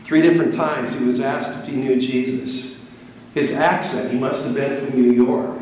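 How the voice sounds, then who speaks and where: Preacher in an echoey church. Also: male voice, medium pitch, steady tone, moderate pace, darkish tone, slight background noise. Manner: preaching with rising intensity, repetition. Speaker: pastor. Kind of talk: sermon. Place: church sanctuary. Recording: echoey room from far off.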